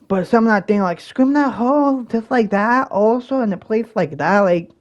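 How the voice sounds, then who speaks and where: A young man hosting his own channel, telling a personal story in a rambling, casual way, with many fillers and restarts and occasional bursts of loud exasperation. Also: high-pitched, lively intonation, moderate pace, highs cut off. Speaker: channel host.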